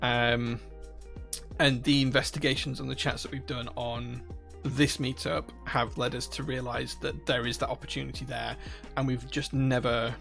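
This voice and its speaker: A Northern Irish man with a gravelly, mid-pitched voice, talking casually to viewers on a live stream. He rambles, restarts sentences and fills pauses with "um" as he thinks aloud. Faint music plays quietly in the background. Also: flat delivery. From Northern Ireland. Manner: rambling, many restarts and fillers. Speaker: livestream host. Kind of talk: casual live-stream chat, reading chat questions.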